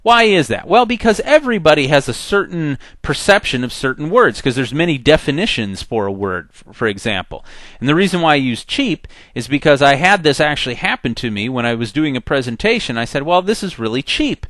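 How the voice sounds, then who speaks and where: Guy doing a screen tutorial, chatty, bouncy pitch, voices the popups, dry sound. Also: very animated, a little fast, fairly bright tone, no room sound. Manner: chatty, acts out the program's messages in voices. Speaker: software instructor. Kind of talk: screen-recorded software tutorial.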